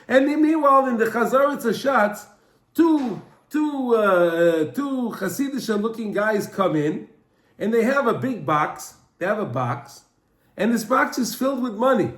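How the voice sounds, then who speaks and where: A man teaching a Torah class as an animated storyteller who often repeats and restarts his phrases. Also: very high-pitched. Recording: echoey room.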